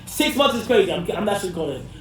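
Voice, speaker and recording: A man's voice: high-pitched, sing-song, fast talker, faint music behind. Blunt, teasing man interviewing. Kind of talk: casual interview. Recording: echoey, distant mic.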